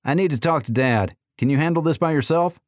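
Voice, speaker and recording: A male narrator plays a steady, firm teenage girl in an audiobook who gives instructions. The pitch is raised above his own. The sound is dry and close. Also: brisk, dry recording, natural voice. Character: sixteen-year-old girl, firm and steady.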